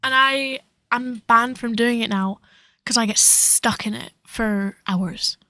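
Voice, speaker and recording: A woman's voice: fairly high pitch, takes it slowly, sharp tone, no room sound, low-quality recording. A teenage girl co-hosting a casual chat, laughing as she tells stories in an easygoing way. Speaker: co-host.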